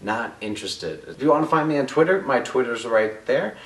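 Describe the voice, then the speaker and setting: A man's voice: medium pitch, animated, fairly quick, distant mic. A man giving a casual, jokey TV episode review with crude asides, loose and chatty. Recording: echoey room, voice a bit off-mic.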